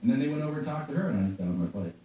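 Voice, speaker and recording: A man hosting a podcast, chatting casually and telling animated, profane stories. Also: medium pitch, very fast, slight background noise. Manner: animated storyteller, swearing, acting out quotes. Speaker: podcast host. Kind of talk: casual chat. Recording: echoey room from far off, dull lo-fi.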